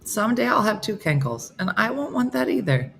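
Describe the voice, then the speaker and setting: A woman's voice: mid-range voice, sing-song, fairly quick, creaky, fairly bright tone. A woman in her fifties hosting a casual live morning chat, joking and answering viewers by name. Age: 50s. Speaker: host of a live morning show. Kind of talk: casual live-stream chat reading comments.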